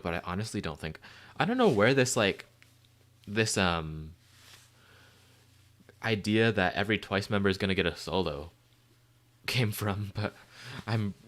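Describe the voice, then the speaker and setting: A man chats excitedly and casually on a livestream, rambling with many fillers as he takes questions from chat. His pitch is fairly low.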